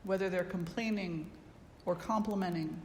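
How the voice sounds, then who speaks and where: A woman spiritual teacher giving a satsang talk, a lively storyteller who acts out the people she quotes. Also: lowish voice, moderate pace, a little hiss or hum. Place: yoga ashram hall. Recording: roomy hall with long echo.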